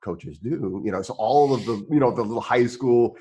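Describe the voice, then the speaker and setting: A podcast host from Indiana with a rural Midwestern American accent leads a casual interview chat, rambling easily with lots of restarts and fillers and laughing often. His mid-range voice is fast, dark and slightly rough.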